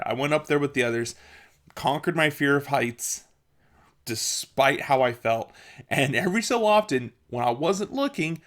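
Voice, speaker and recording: A man's voice: mid-range voice, a bit bright. A young man telling a casual personal story, chuckling as he goes and restarting his sentences. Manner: laughs often, with quick restarts. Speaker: vlogger.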